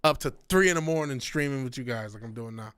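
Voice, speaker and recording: A man's voice: medium pitch, quick pace, crowd noise. A young man streaming late at night, chatting casually in a rambling way, restarting his sentences often.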